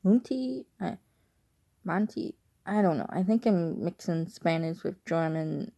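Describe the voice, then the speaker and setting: A woman's voice: fairly low pitch, animated, a little slow, gravelly, mellow. A woman from Chicago with a speech impairment, chatting casually in a rambling, unsure way on her vlog. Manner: rambling, digressive, often unsure. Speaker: vlogger.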